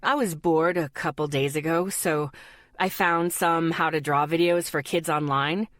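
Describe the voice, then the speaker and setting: A woman's voice: low-pitched, fairly even intonation, measured pace, a bit bright, no echo, clean studio sound. A woman reading a shy bashful teen boy. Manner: bashful, muttering.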